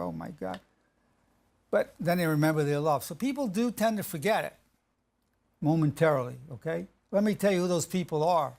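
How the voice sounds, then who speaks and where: Speaking with a slightly high, gravelly voice, a man offers relationship advice in a relaxed, conversational way. He frequently restarts and often plays out the lines couples say to one another.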